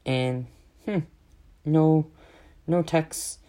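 A man's voice: on the high side, extremely slow, warm tone, smooth. A man ranting casually, exasperated and sarcastic, swearing heavily as he tells a complaint. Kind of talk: casual profane rant.

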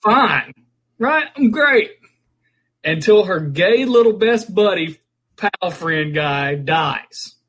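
A man in a casual chat, animated and profane, quick to mock what he describes. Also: high-pitched, poor audio.

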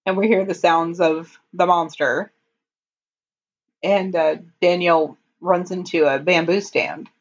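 Husky woman recapping an episode. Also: lowish voice, steady tone, unhurried, highs cut off. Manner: chatty, laughs often, reads out lines in passing. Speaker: podcast co-host recapping a TV episode. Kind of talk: casual recap chat.

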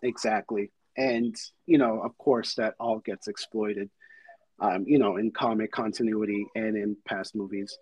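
A husky-voiced man talks through a movie's big moments with eager, rambling enthusiasm. His voice sits at an ordinary pitch and sounds slightly rough. The recording is close and dry. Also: a little slow, no room sound, rough recording. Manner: excited retelling with many fillers. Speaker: podcast host. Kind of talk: casual movie recap chat.

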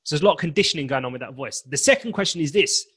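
Talking very fast in a slightly high, fairly bright, slightly rough voice with lively intonation, a confidence and presentation coach appears as a podcast guest. In this animated interview he speaks emphatically and performs snippets of inner dialogue.

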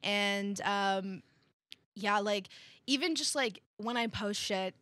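A woman's voice: mid-range voice, slow pace, a bit bright, no room sound, studio quality. A young woman co-hosting a podcast in casual chat, laid-back and blunt, swearing freely. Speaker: podcast co-host.

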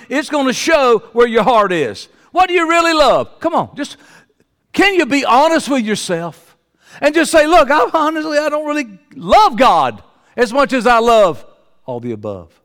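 A male pastor, preaching a sermon and swinging between loud high exclamations and low, quiet asides. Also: big pitch swings, moderate pace, clean tone, long reverb tail.

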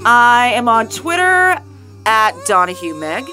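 A woman co-hosting a podcast, playfully confrontational and quick to laugh. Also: a little high, sing-song, over loud music. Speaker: podcast co-host. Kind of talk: casual podcast banter.

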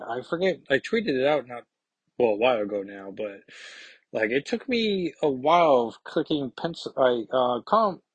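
Male comics podcast host, husky, halting casual delivery, dry close mic. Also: mid-range voice, fairly bright tone, dry recording, rough recording. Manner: hesitant, many fillers and restarts.

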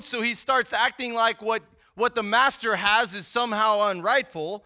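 Very high-voiced male preacher. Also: moderate pace, few pauses, sharp tone. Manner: conversational, emphatic teaching with frequent tag questions. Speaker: pastor. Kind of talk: sermon.

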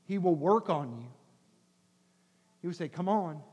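A man pastor preaching an animated sermon, swinging between shouts and soft coaxing as he acts out voices. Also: on the high side, unhurried, husky. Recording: long hall reverb.

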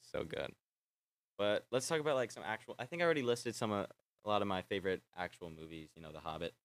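A young man vlogging in a casual, rambling way, excitable and swearing freely as he trails off and restarts his sentences. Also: on the low side, quick pace, dry recording. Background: faint film score playing.

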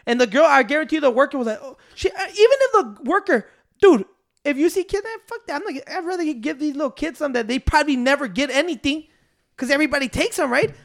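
A man's voice: very high-pitched, animated, fast talker, gravelly. A man ranting in casual podcast banter, profane and emphatic, retelling conversations.

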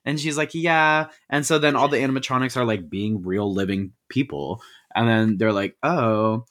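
A man's voice: on the low side, brisk. A man co-hosting a podcast, casually recapping a movie scene by scene in slangy, profane talk and acting out the characters' lines in quotes. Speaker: podcast co-host.

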